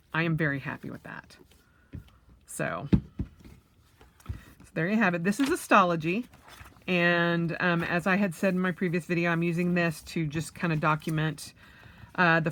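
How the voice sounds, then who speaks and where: A woman in her late thirties chatting her way through a casual unboxing vlog, thinking aloud with fillers and excited squeals. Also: low voice, vocal fry. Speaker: vlogger.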